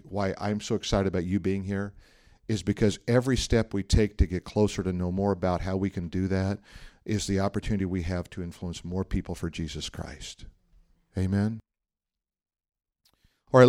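A low-pitched man preaching, telling a story and jumping into the voices of its people. He reads aloud from a book in between, and the sound is dry and close. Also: dry recording. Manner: animated storyteller, acting out dialogue, reading aloud from a book. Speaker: pastor. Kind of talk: sermon with storytelling.

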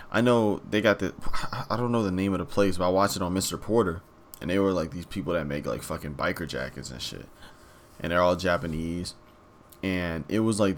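A young man co-hosting a podcast in casual chat, laid-back and slangy, swearing and trailing off softly. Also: sits low. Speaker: podcast co-host. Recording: faint background noise.

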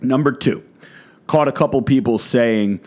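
A man's voice: mid-range voice, measured pace, a little mellow. A man, a fitness content creator, delivering a blunt, profane rant in a vlog monologue.

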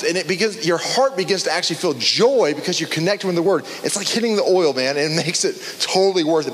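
A man preaching a casual sermon to a small group, conversational and animated, with frequent restarts and fillers. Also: high-pitched, big-room sound.

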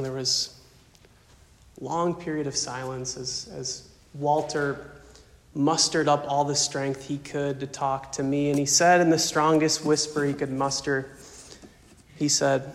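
A male pastor gives a farewell sermon in a fairly high voice. He speaks softly and emotionally, pausing often. The long reverb of a church sanctuary hangs on his words. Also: steady tone. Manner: emotional, soft-spoken, slow pauses.

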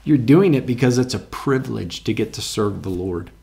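In a church sanctuary with the congregation present, a pastor preaches in a warm, creaky, mid-range voice at a moderate, expressive pace. He speaks earnestly and conversationally, often repeating words as he goes, and reads scripture aloud with emphasis.

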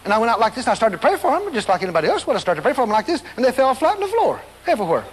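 A man's voice: very high-pitched, huge pitch swings, rapid-fire, long reverb tail, slight background noise. A man preaching a storytelling sermon, acting out scenes and voices and laughing along as he goes.

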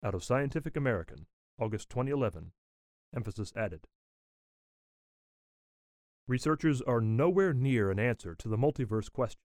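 A man reading a written nonfiction text aloud in a measured, deliberate way, speaking the citations and quote marks as he goes. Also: mid-range voice, expressive, a little mellow, dry recording, clean studio sound.

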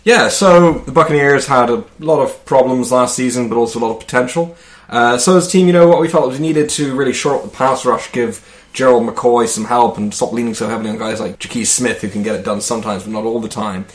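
A man on a podcast who rambles through his points, makes fun of himself and throws in crude jokes. His voice sits at an ordinary pitch, and his delivery stays casual throughout. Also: steady tone, quick pace. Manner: rambling, self-deprecating, crude humor. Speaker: podcast co-host. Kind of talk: casual joking chat.

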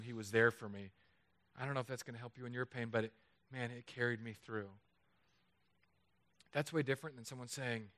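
A man preaching a sermon in a chapel, lively and conversational, with jokes. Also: medium pitch. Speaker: pastor.

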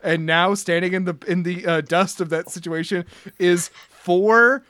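A bright, forward voice runs the tabletop session, stalling on fillers and breaking into laughter. The sound is close and dry, with no room behind it. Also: mid-range voice, steady tone, measured pace, no echo. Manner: hesitant, many fillers, laughs often. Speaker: game master. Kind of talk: running a tabletop game, casual chat.

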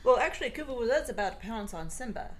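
A woman guest on a podcast, chatting casually about a film with quick asides and frequent laughs. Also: fairly high pitch, expressive, slight background noise.

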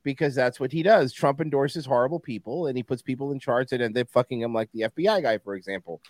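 A man's voice: medium pitch, fast talker, a little mellow, dry recording. A man co-hosting a podcast, talking in blunt, profane, jokey casual chat.

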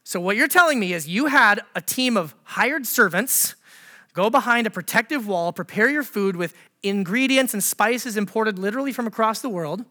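A man's voice: high voice, animated, moderate pace, pushed and bright. A male pastor preaching a sermon in a conversational way, asking the congregation questions and laughing at his own jokes.

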